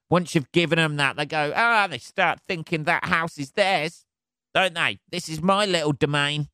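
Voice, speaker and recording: A man delivers a solo podcast rant in a bright, fairly high voice, peppering every line with swearing and laughter. His tone is crisp and clean, and the sound is close and dry. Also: no room sound. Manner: sweary, animated, laughs a lot. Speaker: podcast host.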